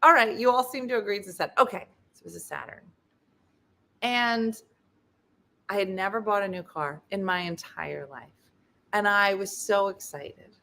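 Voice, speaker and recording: A woman hosting a show, telling a comic story in a casual, animated way and acting out the voices of the people in it. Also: medium pitch, normal speed, vocal fry. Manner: animated, acts out quoted voices. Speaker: host.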